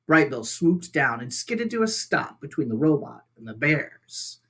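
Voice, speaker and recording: Man reading a storybook with lively pitch. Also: a little slow, hardly any pauses. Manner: expressive storytelling. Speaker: reader. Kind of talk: children's book read-aloud.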